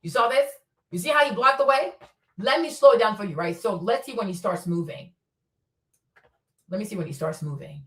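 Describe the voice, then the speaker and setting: A woman's voice: medium pitch, fairly quick, long pauses, echoey room, distant mic. A woman streamer commenting on footage in a casual, insistent way, repeating herself as she points out details step by step.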